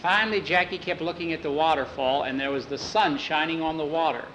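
A man's voice: on the high side, brisk, fairly bright tone, slight background noise, rough recording. A man telling a story in a plain, folksy way, often repeating "he said". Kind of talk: told story with voices.

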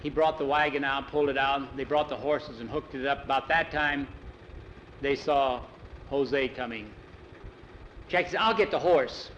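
A man telling a story aloud in a plain, unhurried, folksy way. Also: medium pitch, fairly even intonation, fairly bright tone. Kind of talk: oral storytelling. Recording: dull lo-fi, faint vehicle noise.

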